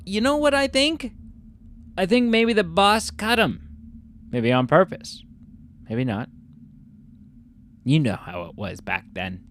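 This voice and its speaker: A man doing a put-on English accent as he reads out a letter from a rough-spoken man, halting and stumbling over words. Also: sits high, expressive, a bit bright, pitched above the performer's own voice, exaggerated voice. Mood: gruff.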